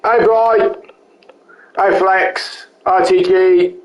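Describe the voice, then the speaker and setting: A man's voice: sits high, steady tone, drawn-out words, echoey room, poor audio. A man giving rambling, self-correcting live commentary while he plays a game, chatting with his viewers. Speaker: streamer.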